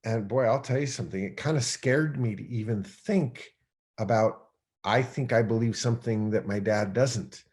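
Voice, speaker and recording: A middle-aged man, a podcast guest, telling a personal story in a rambling, animated way with many restarts. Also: lowish voice, normal speed. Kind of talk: storytelling in conversation.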